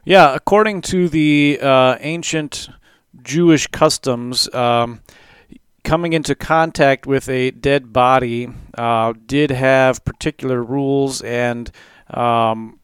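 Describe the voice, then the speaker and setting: A man, a pastor, explaining a Bible passage in a relaxed talk with many fillers. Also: medium pitch, slow, smooth, no echo.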